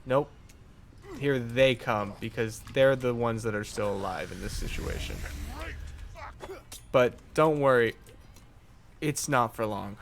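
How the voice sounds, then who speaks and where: A man's voice: medium pitch, takes it slowly, pauses often, slight background noise. A man hosting a gaming channel, giving sarcastic, wry commentary over his own gameplay.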